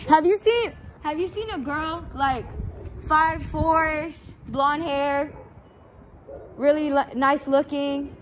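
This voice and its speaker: A young woman with a high voice rants and curses loudly into a handheld phone camera. She vlogs outdoors at an apartment complex and calls out names at full volume. Faint background noise runs behind her. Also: slow. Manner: profane, loud and ranting, calling out and yelling. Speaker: vlogger. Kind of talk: confrontational vlog rant.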